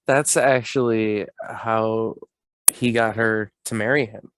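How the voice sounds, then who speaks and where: A man's voice: lowish voice, steady tone, takes it slowly, fairly bright tone, slight background noise. A man co-hosting a podcast, chatting casually about a movie with dry joking asides. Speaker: podcast co-host.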